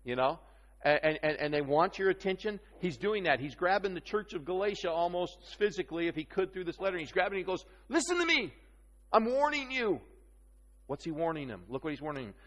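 Male preacher, lively conversational sermon delivery, slightly high pitch, long hall reverb. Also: fast. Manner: animated, conversational preaching with rhetorical questions. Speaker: pastor.

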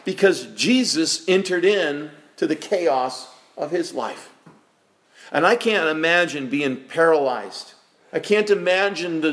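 A male pastor delivering a sermon in a slightly raised voice. He drives his points home with rhetorical questions and slips into the voices of the people he quotes. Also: a little high. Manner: emphatic preaching with rhetorical questions.

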